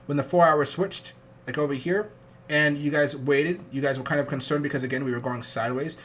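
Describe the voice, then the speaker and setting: A man's voice: fairly high pitch, a bit bright, a little hiss or hum. A young man hosting a trading livestream, talking casually in a rambling, chatty way while sick. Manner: fast rambling chatty, with fillers. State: sick, coughing.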